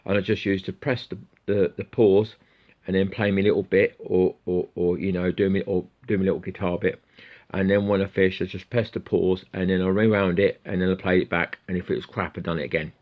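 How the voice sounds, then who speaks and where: A man's voice: deep voice, level tone, brisk, muffled recording. A middle-aged man chatting casually to camera as a guitar YouTuber, rambling and swearing freely.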